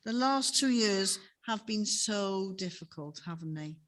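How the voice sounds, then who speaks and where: A woman's voice: medium pitch, expressive, unhurried. Woman preaching in a chapel. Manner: conversational storytelling with tag questions. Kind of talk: sermon.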